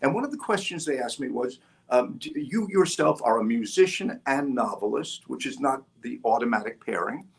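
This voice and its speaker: An older man, a guest author on an interview podcast, talking in an animated storytelling way with frequent restarts and fillers. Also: medium pitch, moderate pace, creaky, hardly any pauses, husky. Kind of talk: interview conversation.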